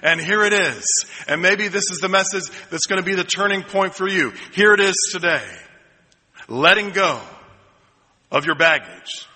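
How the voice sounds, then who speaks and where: Bright-voiced preacher in a reverberant hall. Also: male voice, high voice. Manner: storytelling preacher, slowing down for emphasis and building to ringing repeated lines. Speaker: pastor. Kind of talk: sermon. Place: church sanctuary.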